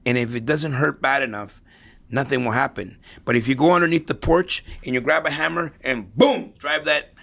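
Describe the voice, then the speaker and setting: Gravelly middle-aged man telling stories. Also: mid-range voice, moderate pace, pushed and bright. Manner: storytelling, repeats himself, tags lines with "right?". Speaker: guest. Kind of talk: conversational podcast interview.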